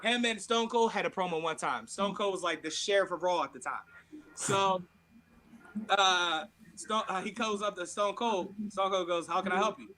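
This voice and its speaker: High-voiced man telling an animated story. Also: moderate pace, poor audio. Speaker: podcast co-host. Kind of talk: casual chat.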